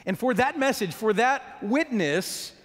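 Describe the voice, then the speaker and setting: A high-voiced man preaches in a church hall, his words ringing out with a long echo behind them. He talks to the congregation earnestly, often stumbling into quick restarts and doubling words before pressing on. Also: animated. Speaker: pastor. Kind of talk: sermon.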